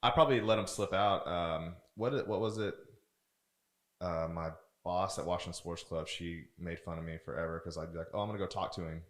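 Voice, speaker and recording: A man's voice: sits low, steady tone, moderate pace, reverberant. A man co-hosting a podcast, chatting casually and teasing in an easygoing way. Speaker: podcast co-host. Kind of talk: casual chat.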